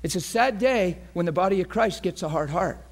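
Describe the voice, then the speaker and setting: Impassioned high-voiced male preacher. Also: expressive, a little fast, gravelly. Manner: swings from shouting fervor to hushed earnest appeals; acts out crowd voices and gasps. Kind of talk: impassioned sermon.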